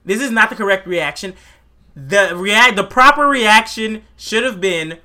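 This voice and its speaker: A man co-hosting an anime podcast, ranting in a casual, profane, animated way and acting out quotes. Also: high voice, measured pace. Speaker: podcast co-host. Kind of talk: casual chat, anime review.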